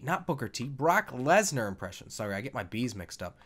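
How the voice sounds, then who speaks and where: A man's voice: mid-range voice, big pitch swings, fairly quick, a bit bright. A man giving casual, jokey gameplay commentary while playing a wrestling video game, swearing and rambling.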